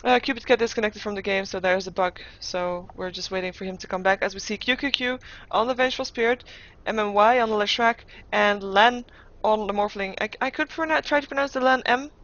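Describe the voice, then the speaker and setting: A woman caster calls a video game match live. She thinks out loud, restarts her sentences and drops playful asides, at a middling pitch. The recording sounds dull and lo-fi. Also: brisk, few pauses. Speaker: esports caster.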